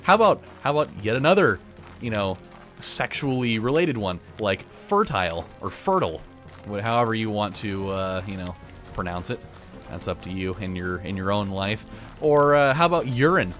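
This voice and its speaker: Joking man with lively pitch. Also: moderate pace, faint music behind. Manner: joking, rambling, laughs at his own jokes. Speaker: gaming channel host. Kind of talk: casual let's play commentary.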